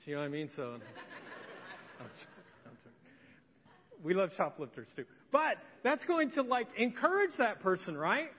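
A man, a pastor, giving a chatty, joking sermon in a church. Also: high-pitched. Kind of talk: conversational sermon. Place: church sanctuary. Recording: lo-fi with long hall reverb.

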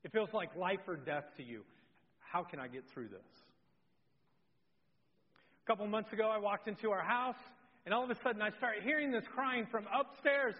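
A middle-aged male pastor preaches with animated storytelling, dropping from loud to hushed and back. His voice sits high for a man. The sound is dull and rings in the long reverb of a church. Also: moderate pace, pauses often. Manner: animated, swinging from loud to very soft. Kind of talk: sermon with personal storytelling.

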